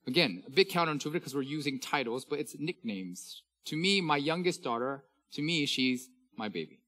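Delivering a sermon, this pastor in his thirties has a fairly high, expressive voice and a moderate pace. He alternates between booming readings of scripture and quiet, intimate asides.

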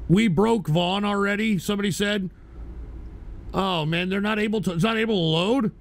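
A man talks through a live stream in a high, rough, gravelly voice. He reacts to what he watches with excitable, profane commentary. He swears freely and keeps up a running banter with the chat. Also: normal speed, a little hiss or hum. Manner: crude, excitable, cursing. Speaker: streamer host.

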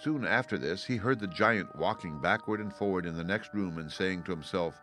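A man narrating a fairy-tale audiobook with a low voice. His delivery is steady and even, with faint music underneath. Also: normal speed, few pauses.

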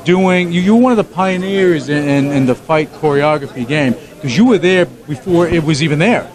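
A man's voice: a little high, moderate pace, a crowd in the background. A man hosting an interview, chummy and casual, filling his talk with "you know" and "man". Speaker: interview host.

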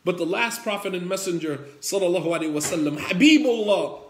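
A male preacher delivering a sermon in an emphatic, repetitive way. His voice sits high for a man. The room gives it a roomy echo. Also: fast talker, slight background noise. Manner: emphatic and repetitive, acts out quotes.

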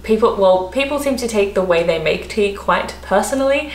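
A woman's voice: mid-range voice, moderate pace. Casting note: young Australian woman, chatty vlogger voice, echoey room, faint noise. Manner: chatty, animated, laughing often. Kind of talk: casual vlog chat to camera.

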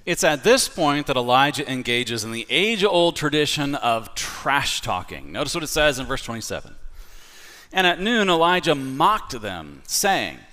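A man preaching a sermon as pastor. He talks in a conversational, animated way, telling the story with everyday fillers. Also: medium pitch, moderate pace. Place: church sanctuary. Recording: long reverb of a large hall.

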